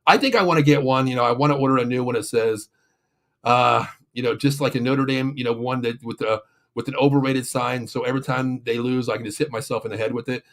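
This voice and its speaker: Frustrated rambling sports show host. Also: male voice, mid-range voice, fairly even intonation, fast. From Pittsburgh area, USA. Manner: frustrated, rambling, with many fillers and restarts. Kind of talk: casual sports rant and sponsor reads.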